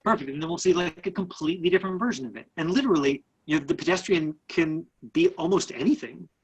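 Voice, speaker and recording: A man with a slightly high, husky voice runs an online acting class. He stops and restarts often, padding his coaching with fillers. He sounds like he is on a video call. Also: dull audio. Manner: halting, many fillers and restarts.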